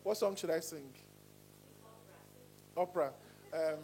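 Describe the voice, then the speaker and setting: A man teaching a singing class, animated and demonstrative, often asking if he's understood. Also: normal speed, long pauses, husky, soft background music, rough recording. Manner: animated, demonstrating voices with sudden pitch swings. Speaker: singing coach. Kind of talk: voice lesson to a class.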